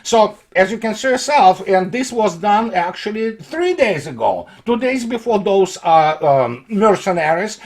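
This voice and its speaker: A man giving an unscripted political commentary monologue, sarcastic and mocking, halting often on fillers. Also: high-pitched, expressive, a little mellow.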